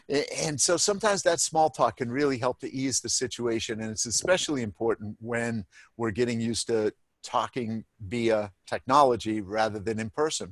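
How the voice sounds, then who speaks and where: A man co-presenting a webinar workshop, explaining things in a measured way with small restarts. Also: medium pitch, dry recording.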